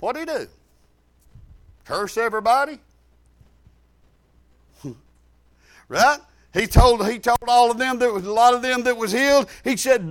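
A male pastor preaching a sermon in a folksy way, swinging between shouted lines and low asides. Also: expressive, unhurried, long pauses. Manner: folksy, rising to shouts then dropping low.

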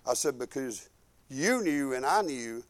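A man's voice: medium pitch, unhurried. An older man, a pastor telling folksy stories in a sermon and acting out the quotes. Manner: folksy, animated storytelling with acted-out quotes. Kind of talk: storytelling sermon.

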